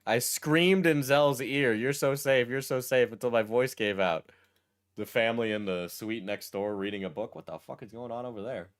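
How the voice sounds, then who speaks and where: A male streamer casually reading a post aloud and breaking off for wry, deadpan asides. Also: medium pitch, moderate pace, clear, resonant tone. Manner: wry, deadpan asides between read passages. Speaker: streamer reacting to a text post.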